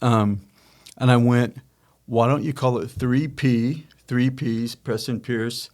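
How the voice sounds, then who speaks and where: A man's voice: medium pitch, fairly even intonation, slow pace, darkish tone. A middle-aged man hosting a podcast, telling a family business story in a rambling, self-correcting way and acting out quoted dialogue. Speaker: podcast host, company founder. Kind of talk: casual storytelling chat.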